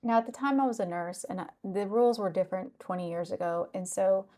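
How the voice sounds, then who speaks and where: A woman's voice: medium pitch, steady tone, fast talker, warm tone. A middle-aged woman telling a personal story earnestly, repeating phrases and checking in with "okay?". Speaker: consultant sharing a personal story. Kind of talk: personal testimony.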